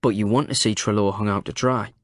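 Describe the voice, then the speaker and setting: A man voicing a sharp, skeptical male journalist who probes in a sardonic way. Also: fairly low pitch, fairly even intonation, a little fast, no room sound, clean studio sound, close to an everyday voice. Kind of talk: audiobook character voice.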